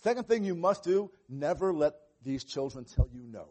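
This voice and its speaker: A man's voice: fairly high pitch, lively intonation, normal speed, dark tone. A male pastor preaching a sermon, earnest and conversational, acting out little exchanges with children. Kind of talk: sermon on parenting.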